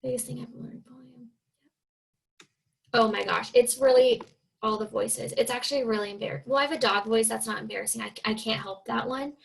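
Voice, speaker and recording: On a team video call, a young woman from Oregon, USA, a fitness coach appearing as a guest, chats casually in a fairly high, creaky, gravelly voice at a brisk pace with a steady tone. She uses lots of fillers and keeps doing little impressions of the people she quotes, over poor audio.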